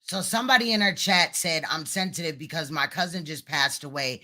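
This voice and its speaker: A woman's voice: sits low, fairly quick, pushed and bright. A woman hosting reaction commentary, blunt and mocking. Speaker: commentary host.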